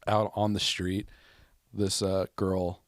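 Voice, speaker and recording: Podcast host, American man, low-pitched, anecdote teller, close dry mic. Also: flat delivery, slow, dry recording. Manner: rambling anecdotes with loud, high-pitched quoted outbursts. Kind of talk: casual chat, storytelling.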